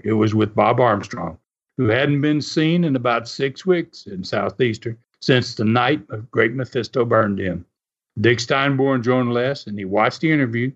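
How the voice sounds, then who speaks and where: An older man and former wrestler telling folksy stories in an interview, often chuckling as he talks. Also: mid-range voice. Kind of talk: storytelling interview. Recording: muffled recording.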